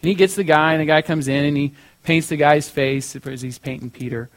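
High-voiced man preaching casually. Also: fairly even intonation, a little fast. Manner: chatty, many fillers like "you know" and "like". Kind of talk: casual sermon with storytelling.

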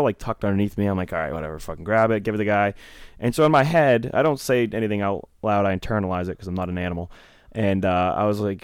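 A man's voice: on the low side, clean tone, no echo, studio quality. A man co-hosting a podcast, telling a rambling, profane anecdote with lots of laughter. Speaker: podcast co-host. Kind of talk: casual storytelling on a podcast.

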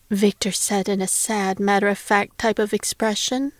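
A woman narrating a storybook aloud in a gentle, measured way. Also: mid-range voice, no room sound, studio quality. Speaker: audiobook narrator.

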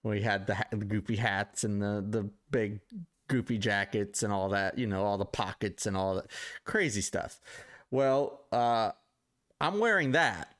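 A man co-hosting a casual podcast, introducing listener topics and telling an anecdote, with relaxed "uh" fillers. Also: fairly low pitch, measured pace. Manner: easygoing, with "uh" fillers and restarts. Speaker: podcast co-host. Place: live-streamed podcast studio.

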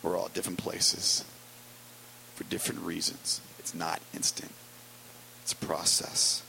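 Male pastor, low-pitched gravelly voice, casual storytelling sermon with dry humor. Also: monotone, pushed and bright, a little hiss or hum, low-quality recording. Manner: wry, storytelling with quick asides. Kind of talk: conversational sermon.

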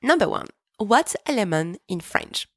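A woman teaching a podcast French lesson, pronouncing each word slowly and clearly so listeners can repeat after her. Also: medium pitch, very animated, dry recording, studio quality. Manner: clear, slow, deliberate pronunciation for repeating. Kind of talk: podcast language lesson with repetition drills.

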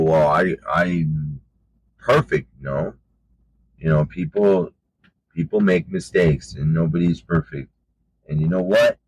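Husky man preaching emphatically. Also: low voice, no echo, rough recording. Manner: emphatic, conversational, repeats "you know". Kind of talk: informal sermon.

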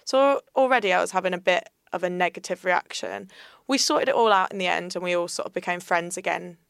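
A woman's voice: lowish voice, brisk, vocal fry, clean tone, dry recording, studio quality. A young woman, a podcast guest, telling her personal story in a candid, earnest way.

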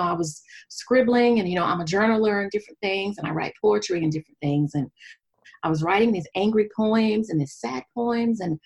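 A woman in her forties, a guest on a podcast, telling her personal story in an animated way and dropping to a whisper at times. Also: fairly low pitch, gravelly, slightly rough. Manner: animated storyteller, drops to a whisper when voicing her inner thoughts.

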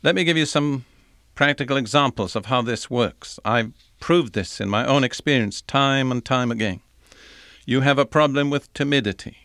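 An older man preaches an earnest, measured sermon. His voice sits at an ordinary pitch. The room sound is dry and close, with almost no reverb, and he slows down on the scripture he is stressing. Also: a bit bright.

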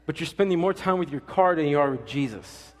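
Lively joking pastor in a reverberant church. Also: male voice, fairly high pitch. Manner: animated, jokey, acts out quick voices. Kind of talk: lively casual sermon. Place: church sanctuary. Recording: church hall with long reverb.

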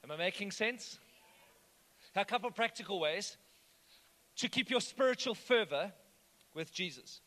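Bright high-voiced preacher. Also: male voice, lively intonation, a little slow, long pauses. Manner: conversational, asks the congregation questions. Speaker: pastor. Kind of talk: sermon.

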